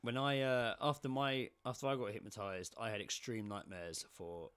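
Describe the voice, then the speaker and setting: A man's voice: lowish voice, steady tone, normal speed, fairly bright tone, smooth. A man co-hosting a podcast, chatting casually, swearing freely and laughing often. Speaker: podcast co-host. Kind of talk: casual banter.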